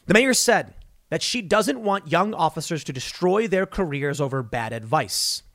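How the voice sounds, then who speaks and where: A man's voice: on the high side, lively intonation, a bit bright. Heated sarcastic male commentator. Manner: heated, sarcastic, mocking quoted voices; rushes through read-out news text. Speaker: podcast host. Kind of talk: opinionated commentary monologue.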